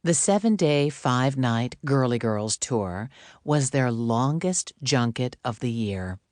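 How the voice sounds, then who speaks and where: A man with a mid-range voice gives steady, even narration of a scripted audiobook. The audio is clean studio sound, free of echo.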